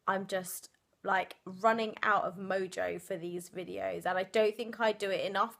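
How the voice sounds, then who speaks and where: A woman's voice: medium pitch, a bit bright. A young woman, chatting through a storytime vlog, giggly and full of fillers. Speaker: vlogger. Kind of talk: casual storytime chat.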